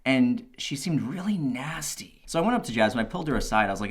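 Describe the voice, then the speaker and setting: A man casually telling a personal story, animated, swearing freely and laughing at his own asides. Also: mid-range voice, fast, vocal fry, hardly any pauses, slightly rough.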